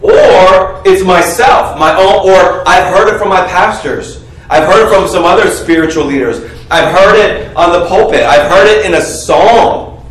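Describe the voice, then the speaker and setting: Animated preacher man in an echoey hall. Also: sits high, moderate pace. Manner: animated, coaxes the congregation to call out answers. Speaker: pastor. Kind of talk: sermon. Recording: echoey room, heard from a distance.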